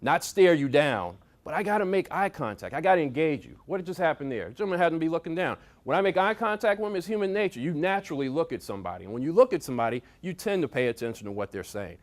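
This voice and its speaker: A man giving a lively motivational talk to a workshop audience, coaching them with sports analogies, repetition and swings in loudness. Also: fairly high pitch, fast talker, hardly any pauses. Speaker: speaker at a leadership workshop. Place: meeting room with audience.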